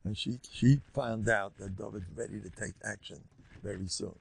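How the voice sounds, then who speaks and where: An older man, a rabbi giving a Torah class, retelling a story in an animated, colloquial way with Hebrew and Yiddish terms mixed in. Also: lowish voice, moderate pace, gravelly, slightly rough.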